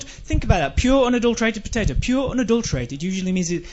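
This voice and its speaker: A man's voice: high-pitched, big pitch swings, fast, few pauses, darkish tone, lo-fi sound. A man doing a stand-up comedy rant, exasperated and swearing as he complains.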